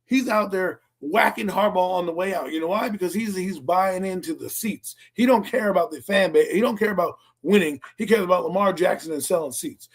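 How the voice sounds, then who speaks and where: Animated husky-voiced man telling stories. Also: high voice. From Philadelphia area, US. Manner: animated storytelling, profane. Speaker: podcast co-host. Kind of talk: casual sports talk.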